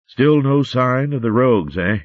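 A man voicing an old male animal recorder in a storybook, calm, wise and gently coaxing, slowing on key words. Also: mid-range voice, no echo, highs cut off, voice pushed up, close to an everyday voice.

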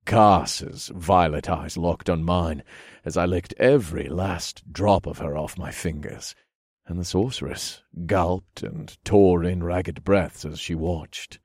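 A man narrating a first-person erotic story in a low, breathy, intimate way. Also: darkish tone, dry recording, clean studio sound.

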